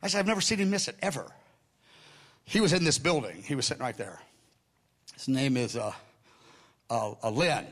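A man's voice: mid-range voice, moderate pace, pauses often, slightly rough. A middle-aged man preaching a sermon through stories, acting out the people in them, with rambling asides and corrections. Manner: animated, acts out the people in his stories. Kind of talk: storytelling sermon.

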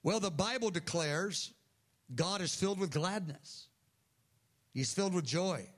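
High-voiced older man preaching earnestly. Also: unhurried, fairly bright tone. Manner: earnest, emphatic, acts out quoted prayers. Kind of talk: sermon. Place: church hall with audience.

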